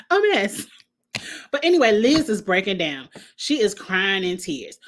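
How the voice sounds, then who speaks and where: A woman's voice: medium pitch, very animated, a little slow, fairly bright tone. A middle-aged woman recapping a reality show in casual chat, blunt and sassy, laughing at her own jokes.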